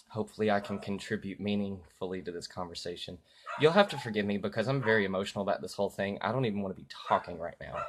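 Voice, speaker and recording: Guy on a home live stream, lowish voice, stops and starts a lot then gets loud and angry, swears, faint hiss behind. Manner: hesitant and halting at first, then loud and heated with swearing. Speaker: political vlogger. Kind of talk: live-streamed political rant.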